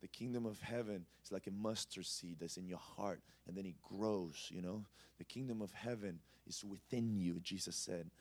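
A man preaching a sermon at a church service, impassioned and conversational, swinging between loud exclamations and soft asides. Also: on the low side. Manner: conversational, with frequent "you know". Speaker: pastor.

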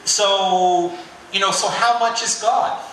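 A man's voice: sits high, steady tone, takes it slowly, fairly bright tone, a little hiss or hum. A man preaching a sermon in a conversational, joking way. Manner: conversational and joking, with filler "you know". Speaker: pastor. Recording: very echoey room.

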